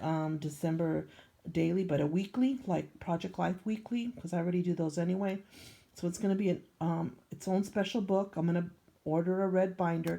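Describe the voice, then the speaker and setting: A woman's voice: lowish voice, gravelly, dark tone. An older woman chatting casually as she shows her scrapbook pages, meandering with frequent ums. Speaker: scrapbooking vlogger. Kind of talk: casual show-and-tell narration.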